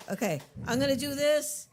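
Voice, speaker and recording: An open mic host making playful announcements in a coffee shop. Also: high-pitched. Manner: loud, playful emcee. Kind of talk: emcee announcements.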